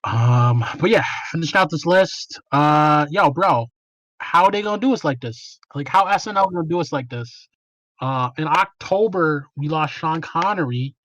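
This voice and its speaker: A man's voice: fairly high pitch, expressive, moderate pace, fairly bright tone, no room sound, poor audio. A man hosting a podcast in casual, slangy chat, swearing freely. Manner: laid-back, slangy, swears a lot. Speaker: podcast host.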